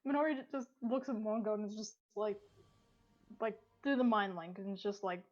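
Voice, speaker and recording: A woman's voice: mid-range voice, fairly quick, muffled recording. Wry woman at a tabletop game. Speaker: player. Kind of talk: casual tabletop play.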